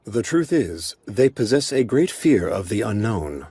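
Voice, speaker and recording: An actor playing an emotionless male golem lord who speaks calmly and formally. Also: lowish voice, breathy edge, no room sound, exaggerated voice. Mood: flat. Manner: calm, measured, formal. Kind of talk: anime dub acting.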